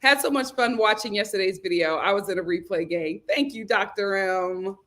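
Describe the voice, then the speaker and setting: A woman hosting a casual livestream from home on a computer mic, chatty and animated, laughing often as she reads viewer comments aloud. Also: mid-range voice, normal speed, hardly any pauses. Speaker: livestream host.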